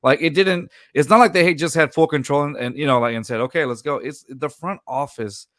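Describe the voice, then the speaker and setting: A man's voice: fairly high pitch, brisk, fairly bright tone, dry recording, studio quality. A man hosting a casual sports podcast, rambling and restarting sentences, laughing often. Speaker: podcast host.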